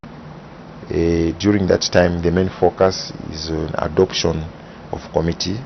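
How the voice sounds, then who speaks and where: A man speaks in a very deep, gravelly voice, laying out his points in a measured, methodical way. The recording sounds dull, with a faint hiss behind him. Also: little pitch movement. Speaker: guest explaining parliament procedure. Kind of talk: broadcast interview answers.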